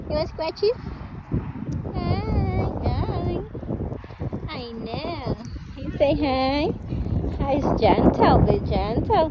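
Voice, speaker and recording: A woman's voice: high voice, animated, very slow, pauses often. A woman from the Philippines filming a casual farm-visit vlog, talking to a child and the animals in a sing-song, coaxing voice. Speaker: vlogger and parent. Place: outdoors at a small farm. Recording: noisy outdoor recording.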